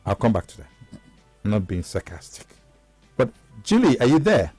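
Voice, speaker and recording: A man's voice: mid-range voice, wildly swooping pitch, warm tone, breathy edge, soft background music. A man hosting a live-stream interview, asking long questions full of restarts and asides. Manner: rambling, halting questions with many restarts. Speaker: host.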